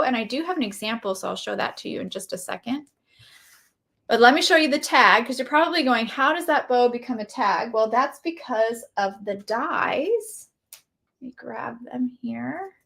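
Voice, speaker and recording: A woman's voice: on the high side, a bit bright. A woman doing a casual live walkthrough of craft products, chatty and enthusiastic, gushing over each item.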